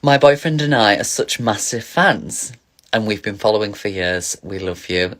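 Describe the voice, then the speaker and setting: A man's voice: mid-range voice, expressive, moderate pace, a bit bright. Chatty camp man on a phone livestream. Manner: chatty, giggly, camp, reads questions aloud. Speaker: drag performer answering viewer questions. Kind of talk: casual chat on a livestream.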